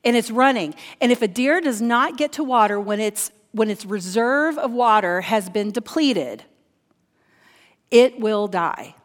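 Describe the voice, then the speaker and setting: A woman's voice: fairly high pitch, animated, unhurried. A woman preaching a sermon, reading scripture aloud and then teaching from it, earnest and fond of repeating key phrases. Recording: long hall reverb.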